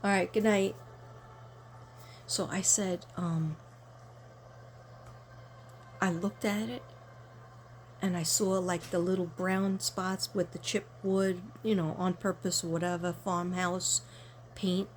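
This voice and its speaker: A woman's voice: lowish voice, level tone, slow, pauses often, a little hiss or hum. A woman card reader chatting casually to camera, rambling through a story and talking to her viewers directly.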